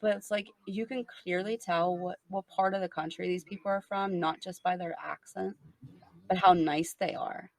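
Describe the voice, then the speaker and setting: A woman with a Pennsylvania accent co-hosting a podcast in casual chat, talking loosely with lots of "like" and quick laughs. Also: fairly low pitch, steady tone, gravelly. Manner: chatty, full of "like" and quick laughs. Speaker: podcast co-host.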